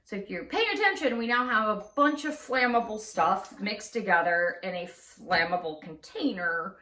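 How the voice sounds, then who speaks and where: A woman telling a true story in a casual storytime vlog, chatty and quick to laugh, recorded in an echoey room. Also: mid-range voice, lively intonation, sharp tone, recorded from a distance, a little hiss or hum. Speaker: craft channel host. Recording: roomy echo.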